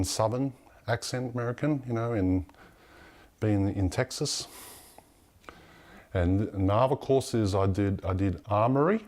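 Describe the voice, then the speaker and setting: A man, an actor, talking haltingly through his headshot and acting course certificates. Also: on the low side, a little mellow. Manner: halting, plain presenting. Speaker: actor showing his credentials. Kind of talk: casual narration.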